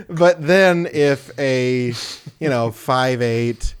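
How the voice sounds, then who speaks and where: A man's voice: mid-range voice, extremely slow, smooth. A young man co-hosting a podcast, joking around and laughing often as he riffs on made-up scenarios in casual chat. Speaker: podcast co-host.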